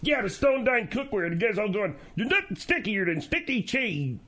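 A man's voice: big pitch swings, moderate pace, pushed and bright, exaggerated voice. A man putting on a dim-witted young male sidekick voice, dopey and drawling, on a radio talk show. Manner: high-pitched, drawling, dopey.

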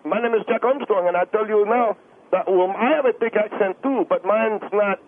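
A man's voice: high voice, normal speed. A man from the Twin Cities calling into a radio show, rambling and interrupting with many fillers. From Minneapolis–Saint Paul, US Midwest. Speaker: caller. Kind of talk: heated call-in debate. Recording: tinny phone line with faint noise.

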